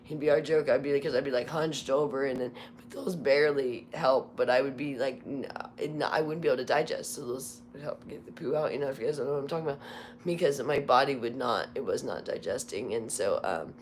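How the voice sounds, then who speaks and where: A hoarse woman hosting a casual live stream, talking in a candid, rambling, confessional way. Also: rumbling low, fairly quick, slight background noise. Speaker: livestream host. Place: Las Vegas home.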